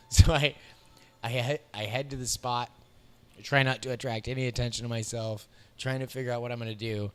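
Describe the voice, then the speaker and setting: An American comedian in his thirties spins a raunchy anecdote in a sitting-down interview. He talks in an animated, profane way, chuckling through the story at an ordinary man's pitch. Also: normal speed, clean tone. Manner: animated, profane anecdote telling with frequent laughs. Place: bar.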